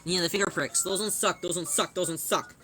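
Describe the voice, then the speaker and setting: A woman chatting casually on a livestream as she sews, playful and giggly, answering chat and whining in drawn-out yelps. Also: lowish voice, fairly even intonation, a bit bright, soft background music. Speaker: streamer.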